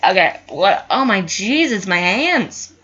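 A young woman giving casual gameplay commentary, excitable, swearing and yelling at the screen. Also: medium pitch, unhurried, husky, muffled recording. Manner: excitable, yells at the screen, frequent cussing. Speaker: gaming youtuber.

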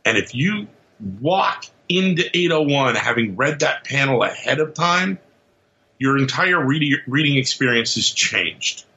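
A man talking as a podcast guest in casual chat, animated and jokey, acting out little scenes as he talks. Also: medium pitch. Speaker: comic book writer, podcast guest. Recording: dull lo-fi audio.

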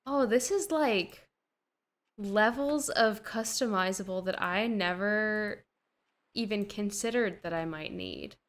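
A woman's voice: medium pitch, slow. A young woman casually commenting on a building game as she plays, gushing and gasping with delight, talking to herself in slangy asides. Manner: slang-heavy, talks to herself while playing. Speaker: gaming streamer.

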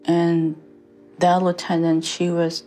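A young woman telling her own story in a halting way, full of fillers and restarts. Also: fairly low pitch, monotone, warm tone, soft background music. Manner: halting, many fillers and restarts, quotes others. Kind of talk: personal testimony.

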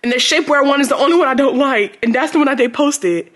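A woman's voice: sits high, fast talker, hardly any pauses. A young woman vlogging casually, often laughing and exclaiming in disbelief. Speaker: lifestyle vlogger. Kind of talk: casual vlog chat.

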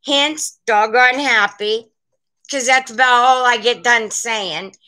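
A woman's voice: on the high side, slow pace, bright, forceful tone, low-quality recording. A woman running a live online sale from her home, chatting in a rambling, friendly way to her viewers. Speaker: online vintage seller. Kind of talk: live-stream sales chat. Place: at home, indoors.

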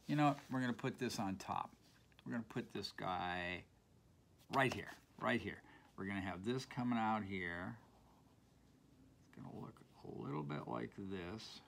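A man's voice: fairly low pitch, creaky, fairly bright tone, a little hiss or hum. A man giving a casual, playful drawing tutorial, chatting to viewers as he colors with markers and pencils. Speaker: art teacher.

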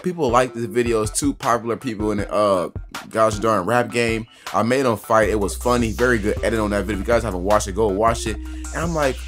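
A man giving casual gameplay commentary as a YouTuber, talking loose and slangy to his viewers and getting excitable over the action. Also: on the low side. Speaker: gaming YouTuber.

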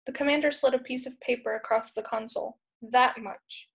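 A woman teacher narrates a chapter book aloud in a steady, clear way. Her voice sits a little high for a woman. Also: fast talker. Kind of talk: read-aloud storybook narration.

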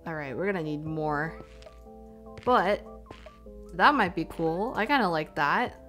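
A woman's voice: on the low side, expressive, unhurried, fairly bright tone, soft background music. A young woman with a Canadian accent, chatting casually on a live stream while she plays, thinking aloud and apologizing as she goes. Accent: Canadian English. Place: home room, stepping away from the mic at times. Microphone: desk microphone.

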